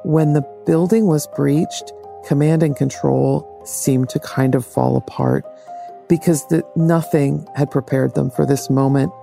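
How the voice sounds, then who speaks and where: A man reporting and analyzing events for a news program in a measured, explanatory way. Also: on the high side, fairly even intonation, vocal fry, dark tone, soft background music.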